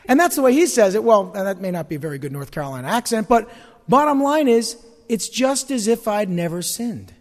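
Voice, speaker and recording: A man preaches in an animated, folksy way, his voice high and swinging widely in pitch. It rings with a long hall reverb, as in a church sanctuary. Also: quick pace. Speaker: pastor. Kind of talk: sermon.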